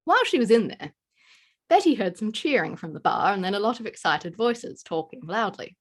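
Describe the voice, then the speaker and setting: A woman reads a story in a storyteller's voice. Her pitch rises and falls in a lively way, and she gives quoted lines small shifts of voice. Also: normal speed. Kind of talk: scripted narration.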